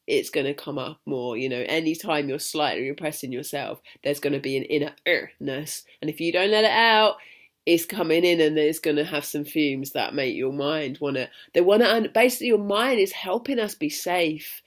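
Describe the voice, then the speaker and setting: A woman's voice: low-pitched, moderate pace. A young woman talking frankly to camera in a personal vlog, rambling, restarting her sentences and swearing freely. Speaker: vlogger. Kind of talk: candid personal vlog monologue.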